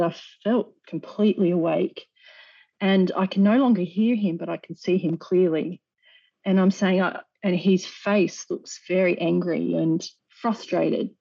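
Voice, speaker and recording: A woman's voice: lowish voice, gravelly, dark tone. A woman recounting a personal experience as a guest, earnest, with frequent restarts and small nervous laughs. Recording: dull lo-fi recording.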